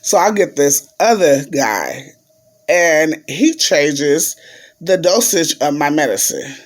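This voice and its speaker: A man's voice: fairly high pitch, lively intonation, slow. A man vlogging in a chatty, casual way, telling a story to his viewers and calling them y'all.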